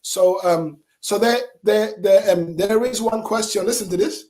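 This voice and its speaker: Man, middle-aged, radio guest, lively storyteller, slightly raised pitch. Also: measured pace. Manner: animated, lively storytelling with chuckles. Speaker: radio guest, singer and entertainer. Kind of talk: casual interview storytelling. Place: radio studio.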